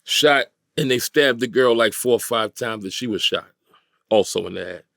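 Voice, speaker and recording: A man's voice: mid-range voice, normal speed, vocal fry, a bit bright, no echo. A middle-aged man from New York, a guest in a studio interview, telling a vivid street-style story and acting out the voices of others.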